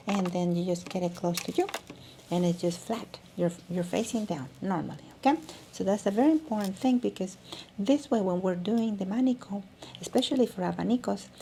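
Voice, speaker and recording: A woman's voice: medium pitch, vocal fry, heavy background noise. A woman teaching a music lesson, demonstrating as she talks and often restarting her sentences. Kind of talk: instructional video lesson.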